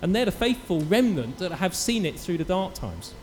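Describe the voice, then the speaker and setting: A man preaching a sermon in church, telling a story with lively acted-out quotes. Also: high voice, moderate pace, big-room sound, slight background noise. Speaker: pastor.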